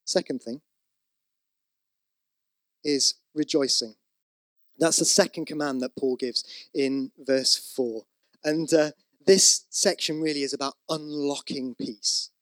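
A man's voice: on the high side, fairly even intonation, takes it slowly, pauses often, no room sound. A man preaching a sermon, conversational with asides, rising to emphatic repeated exhortations. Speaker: pastor.

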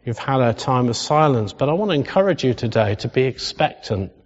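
A man preaching a sermon in a conversational style that rises into animated emphasis. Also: medium pitch, a little fast, husky. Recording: dull sound with long hall reverb.

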